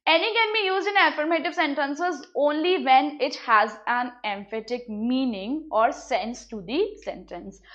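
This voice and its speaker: A high-pitched woman with an Indian English accent walks a class through grammar rules. She repeats each point patiently and gives simple examples. The recording sounds a little dull and lo-fi. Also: a little slow, hardly any pauses, a bit bright.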